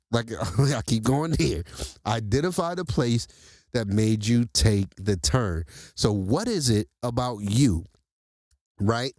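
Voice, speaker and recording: A man hosting a casual motivational talk, who speaks straight to his listeners in a lively, preachy way. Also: on the low side, no echo. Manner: animated, preachy, addresses listeners directly as y'all. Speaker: host.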